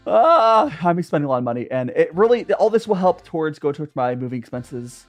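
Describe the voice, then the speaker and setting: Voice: mid-range voice, very animated, a little fast. A young adult streamer chatting casually over tea, rambling and greeting viewers by name. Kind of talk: casual chat while drinking tea.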